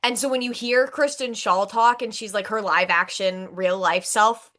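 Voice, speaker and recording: A woman's voice: mid-range voice, steady tone, moderate pace, a bit bright. A young woman co-hosting a podcast, chatting casually and rambling with fillers. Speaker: podcast co-host. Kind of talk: casual chat.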